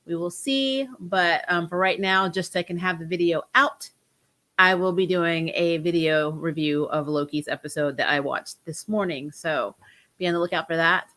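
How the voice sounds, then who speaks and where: Bright-voiced woman with a stuffy cold. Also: fairly low pitch, moderate pace. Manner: chatty, rambling, with ums and restarts. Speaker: host of a TV review channel. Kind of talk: casual review chat.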